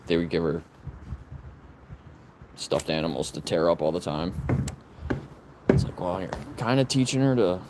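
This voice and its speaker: A man's voice: low-pitched, noisy background. A man vlogging casually outdoors in his yard, rambling about his dogs and calling out commands to them in a raised sing-song voice. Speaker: vlogger and dog owner. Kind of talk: casual chat to camera.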